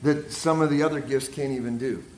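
A man with a Pittsburgh accent preaching to a leadership group, energetic and repetitive, often checking in with his listeners. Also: medium pitch, brisk, a little hiss or hum. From Pittsburgh area, Pennsylvania. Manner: energetic, repeats words, checks in with "right?" and "amen?". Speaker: guest preacher. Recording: echoey room with audience responses. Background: audience responses.

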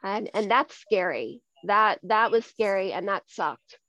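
A woman's voice: medium pitch, expressive, unhurried, fairly bright tone, no room sound. A woman in her forties, a guest in a conversational interview, talking earnestly and often repeating words as she gathers her thoughts. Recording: dull lo-fi recording.

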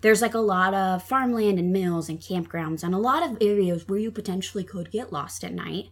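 A woman's voice: mid-range voice, normal speed. A woman telling a true crime story in casual chat, with lots of ums and likes. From Minnesota. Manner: chatty, many ums and likes. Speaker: podcast guest telling a true crime case.

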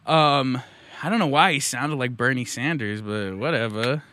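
A man hosting a casual comedy podcast, giving quick, loose introductions. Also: medium pitch, animated, sharp tone, no room sound. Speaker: podcast host.

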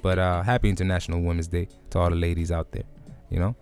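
Male podcast host, rambling slangy chat, lowish voice. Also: monotone, very fast, darkish tone, faint music behind. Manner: slangy, rambling, switches between English and Arabic. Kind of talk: casual chat.

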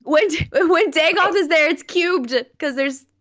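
Playful female co-host, high, slow delivery. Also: fairly bright tone. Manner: playful, joking. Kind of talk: casual podcast chat.

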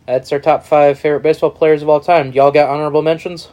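A man's voice: a little high, flat delivery, fast, mellow. A young man co-hosting a casual sports podcast, joking and laughing at his own picks. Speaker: podcast co-host.

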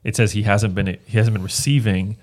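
A man's voice: lowish voice, steady tone, brisk. A man, a pastor, talking through a book of the Bible in a casual discussion, earnest and often restarting his phrases as he reads verses aloud.

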